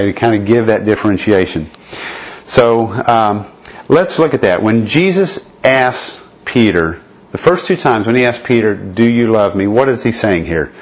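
A man with a fairly low voice leads a conversational Bible study. He explains patiently and pauses often to check that his listeners follow. The recording sounds dull and lo-fi. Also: lively intonation.

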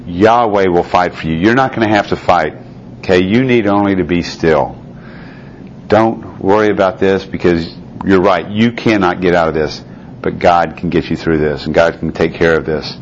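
A man's voice: low voice, normal speed. A man teaching a Bible study, reading scripture aloud and then explaining it in a conversational way. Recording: dull lo-fi recording with faint noise.

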